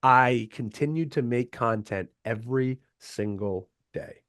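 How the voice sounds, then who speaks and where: A man guesting on a podcast, telling stories in a casual, animated way, often acting out what others said and laughing. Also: medium pitch, unhurried, no room sound, studio quality. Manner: animated, acts out quotes in changed voices. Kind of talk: casual storytelling interview.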